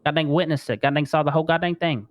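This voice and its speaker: A man's voice: a little high, steady tone, fast talker, lightly acted. A man voicing a rattled male crime witness in a role-play game, who stuffs the same curse word into nearly every phrase while giving a statement.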